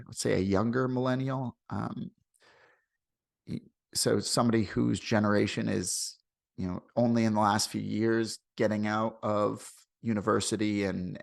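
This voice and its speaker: A man's voice: lowish voice, vocal fry, no room sound, clean studio sound. An American man in his forties with many ums and restarts, hosting a podcast and introducing the episode. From United States. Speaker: podcast host.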